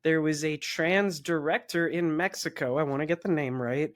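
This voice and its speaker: A man's voice: fairly high pitch, moderate pace. A man co-hosting a podcast, talking in an easygoing, conversational way. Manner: easygoing, conversational, says "dude" and "like". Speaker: podcast co-host. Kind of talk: casual chat.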